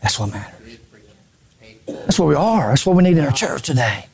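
A man preaching a sermon from a church pulpit. He repeats phrases and swings between shouted lines and hushed low ones. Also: very animated, quick pace, creaky. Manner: repeats phrases, stammers on restarts. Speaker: pastor.

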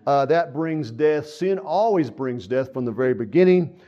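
A man's voice: medium pitch, animated, normal speed, highs cut off. A man preaching a sermon in church, earnest and folksy, repeating key phrases and stopping to say "uh" and "so.". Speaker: pastor.

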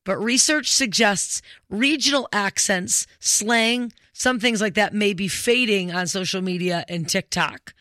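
Chatty on-air radio host with a bright voice, recorded close and dry. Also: mid-range voice, unhurried, few pauses, no echo. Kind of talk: casual on-air radio chat.

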